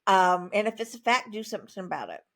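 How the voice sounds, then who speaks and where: A woman author speaking as a guest in a conversational interview, emphatic and plain-spoken, with animated asides. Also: medium pitch, fast.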